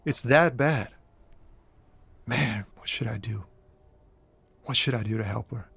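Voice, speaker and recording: An actor playing an earnest young trucker and aspiring rapper in a video game, talking in an easygoing, friendly way. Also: male voice, medium pitch, a little slow, gravelly, a bit bright, breathy edge, no room sound, exaggerated voice. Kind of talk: voiced video game dialogue.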